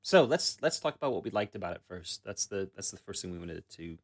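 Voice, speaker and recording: Low-pitched and expressive, a man talks a little fast as co-host of a podcast about tabletop games. His casual chat rambles, full of fillers and restarted sentences.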